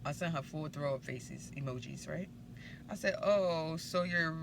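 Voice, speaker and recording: A woman's voice: low-pitched, a little slow, gravelly, noisy background. A woman telling a storytime vlog, reading out her text messages in a brash, profane and confrontational way. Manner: emphatic and confrontational. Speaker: vlogger.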